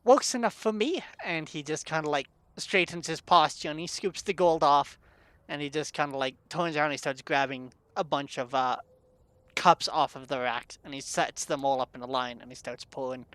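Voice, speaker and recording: Male game master, relaxed scene narration, bright tone, dry close recording. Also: fairly high pitch, moderate pace, clear, resonant tone, no room sound. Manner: descriptive, relaxed, with fillers.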